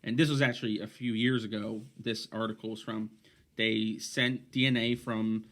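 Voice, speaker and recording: A man's voice: on the low side, level tone, normal speed, fairly bright tone. A man co-hosting a casual podcast, rambling through his points with many restarts and fillers. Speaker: podcast co-host.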